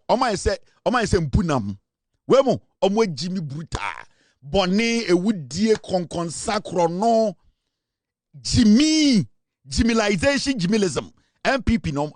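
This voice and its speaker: A man's voice: high-pitched, no echo, clean studio sound. A man with a Ghanaian accent giving emphatic, dramatic political commentary, switching between Twi and English.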